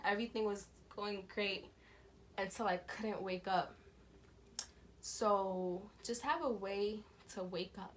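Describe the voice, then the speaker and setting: A young woman vlogger, her voice in the mid range, tells a storytime tale over slight background noise. Her speech is casual and slangy, and she animates the story by acting out the voices of the people in it.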